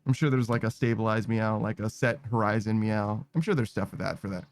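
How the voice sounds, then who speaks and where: A young man streaming a game, chatting casually and rambling, ending nearly every phrase with a quick "meow" and swearing now and then. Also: lowish voice. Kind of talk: casual gaming stream chat.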